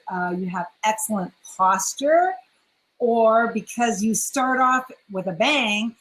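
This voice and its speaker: A woman's voice: mid-range voice, a bit bright, low-quality recording. A woman hosting a podcast, putting a question to her guest in a casual, friendly way. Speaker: podcast host. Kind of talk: casual interview.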